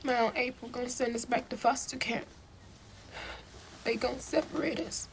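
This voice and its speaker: A woman's voice: on the high side, steady tone, moderate pace, slight background noise, natural voice. A young actress playing a frightened sixteen-year-old girl in a film scene, pleading and anxious. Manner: pleading, anxious, near tears. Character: distraught teenage girl of sixteen.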